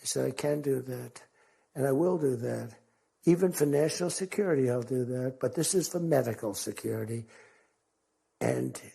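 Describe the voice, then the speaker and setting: A man's voice: mid-range voice, gravelly, dark tone, husky. A man giving an unscripted political speech at a podium microphone, rambling and boastful, acting out the conversations he retells. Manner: rambling, digressive, boastful storytelling; acts out quoted conversations with shifting voice. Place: large meeting venue.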